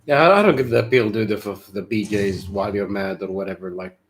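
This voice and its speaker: A man's voice: on the low side, quick pace. A man in a casual podcast chat, laid-back and tired-sounding. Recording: faint background noise.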